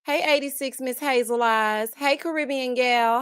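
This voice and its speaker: A woman hosting a live-streamed reality TV review, lively and chatty, calling out "child" and "honey" as she greets viewers by name. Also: high voice, unhurried, few pauses, clear, resonant tone, no echo, clean studio sound. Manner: sassy, says "child" and "honey". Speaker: host.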